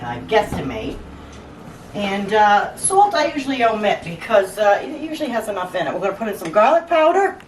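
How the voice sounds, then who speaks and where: A woman's voice: mid-range voice, slight background noise. A woman hosting a home cooking demonstration, chatting in a casual, joking way as she cooks. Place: home kitchen. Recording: echoey kitchen, mic at a distance, cooking clatter.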